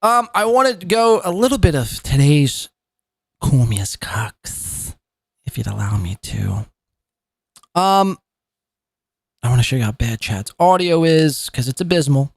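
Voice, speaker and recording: A man's voice: fairly high pitch, sing-song, measured pace, vocal fry, long pauses, dry recording, studio quality. A man hosting a live commentary podcast, talking in a profane, mocking and rambling way. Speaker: podcast host.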